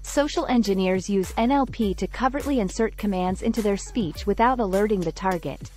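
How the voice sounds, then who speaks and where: A woman giving scripted narration of a book summary in an even, measured, explanatory way. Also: medium pitch, soft background music.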